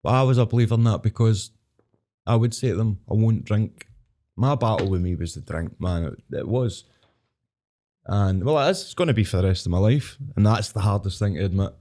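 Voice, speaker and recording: A middle-aged Scottish man chatting on a podcast, quick and rough at the edges. His voice sits low and dark, and he tells his stories bluntly, swearing freely as he goes. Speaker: podcast host. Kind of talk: casual chat.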